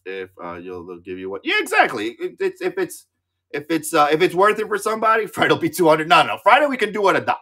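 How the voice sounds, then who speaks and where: Animated, bright-voiced man selling live. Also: on the high side, fast talker. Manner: excitable, swears a lot, repeats words. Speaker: live-auction seller. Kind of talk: casual livestream sales chat.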